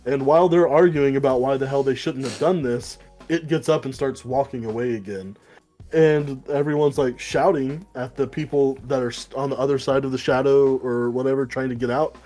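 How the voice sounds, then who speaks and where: A man co-hosting a podcast, loosely recapping a comic book story with swearing and quick put-on voices. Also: mid-range voice, fairly even intonation, dark tone, soft background music. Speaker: podcast co-host. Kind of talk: casual comic book chat.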